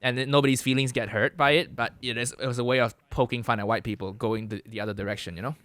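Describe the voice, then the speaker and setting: A young man chatting as an interview guest, talking in quick, animated bursts with frequent restarts. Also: mid-range voice, dry recording. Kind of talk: casual interview chat.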